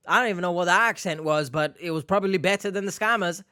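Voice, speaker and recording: A man's voice: high voice, fast talker, sharp tone, smooth, no room sound, studio quality. A man hosting a reaction video, mocking what he watches with sarcastic jokes. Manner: mocking, sarcastic, jumps into silly voices. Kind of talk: comedic reaction commentary.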